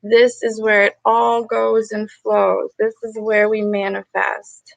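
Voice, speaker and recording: A woman's voice: mid-range voice, completely flat delivery, slow, vocal fry, no room sound. A woman hosting a live gratitude meditation, talking earnestly and emotionally and repeating affirmations to her viewers. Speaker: meditation livestream host. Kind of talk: guided gratitude meditation talk.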